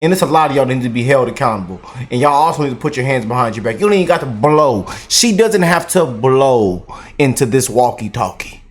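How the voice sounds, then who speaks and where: A man's voice: mid-range voice, lively intonation, fairly quick. A man hosting a reaction commentary channel, talking in an emphatic, mocking way.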